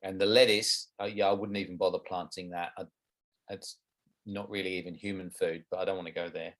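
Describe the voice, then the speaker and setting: A man's voice: low voice, little pitch movement, brisk, fairly bright tone. A middle-aged Australian man answering interview questions about gardening, frank and explanatory. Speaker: guest gardening expert.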